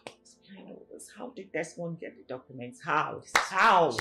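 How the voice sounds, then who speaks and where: An actress with a Nigerian accent playing a guilt-ridden wife who pleads anxiously and panics in a film drama. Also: female voice, low-pitched, expressive, measured pace, sharp tone, full character voice. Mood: frantic. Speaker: actor.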